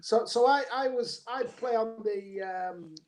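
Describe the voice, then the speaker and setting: A man in his fifties, a former footballer, talking as a podcast guest and telling relaxed stories full of fillers and restarts. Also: high-pitched, a little slow, rough recording. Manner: relaxed anecdotal storytelling with many fillers. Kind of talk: podcast interview.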